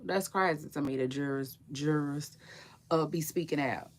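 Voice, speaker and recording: A woman's voice: low-pitched, normal speed. A woman giving casual celebrity gossip commentary, chatty and slangy, rambling with frequent asides.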